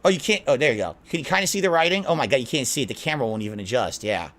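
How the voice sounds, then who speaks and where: Emotional rambling guy defending himself, bright animated voice. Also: mid-range voice, rapid-fire. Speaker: content creator being interviewed. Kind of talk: defensive interview talk.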